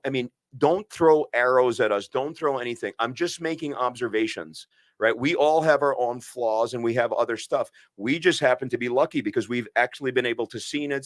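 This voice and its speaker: A man's voice: medium pitch, dry recording, studio quality. Earnest, emphatic man on a podcast. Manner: earnest and emphatic, with many restarts and asides. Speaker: podcast co-host and physician. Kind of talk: impassioned podcast conversation.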